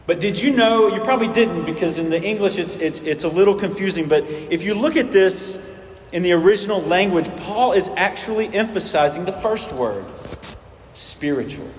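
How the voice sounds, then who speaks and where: A man's voice: high voice, a little fast, reverberant, in a large hall. A man preaching a sermon as pastor, conversational, asking rhetorical questions and restarting phrases.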